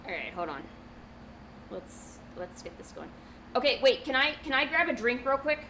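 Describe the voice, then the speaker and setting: Brief: young woman, high bright voice, giggly self-mocking streamer, faint room noise. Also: sing-song, normal speed, low-quality recording. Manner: giggly, self-mocking, talks to her cat. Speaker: streamer drawing from memory. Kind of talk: casual chat while drawing.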